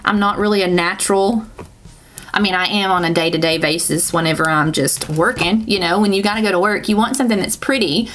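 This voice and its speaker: A woman's voice: mid-range voice, fairly quick, a bit bright, a little hiss or hum. A woman with a Southern US accent, chatting and rambling through a casual makeup tutorial as a beauty vlogger. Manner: chatty, rambling, self-correcting with laughs.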